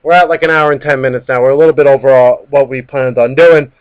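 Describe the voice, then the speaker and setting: A man's voice: mid-range voice, steady tone, fast talker, clean tone. A man, hosting a live sports talk show and ranting heatedly with plenty of profanity. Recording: dull lo-fi live stream audio.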